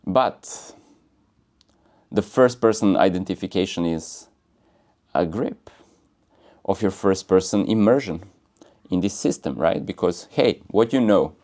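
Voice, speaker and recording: A man's voice: low-pitched, animated, measured pace, pauses often, mellow. A man giving a casual, rambling spiritual talk in a playful, joking way and laughing often. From United States. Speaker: spiritual speaker.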